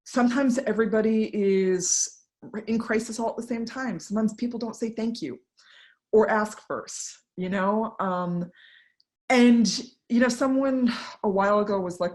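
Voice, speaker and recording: With a mid-range, slightly mellow voice, this woman is an invited speaker talking from home to people online. She keeps it candid and chatty, full of fillers and asides, and imitates those she quotes.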